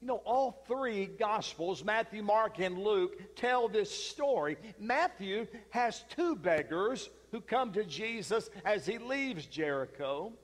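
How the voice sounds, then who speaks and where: A high-voiced man preaching a sermon, telling a story slowly and dramatically. His pauses hang in a large hall with a long echo. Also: expressive. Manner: dramatic, slow retelling with pauses.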